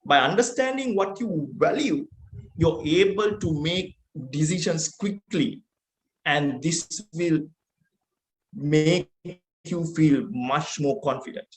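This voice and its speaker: A man's voice: fairly high pitch, lively intonation, takes it slowly. Sri Lankan man giving an earnest keynote. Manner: earnest, with rhetorical questions. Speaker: keynote speaker. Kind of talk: motivational keynote speech. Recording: roomy echo.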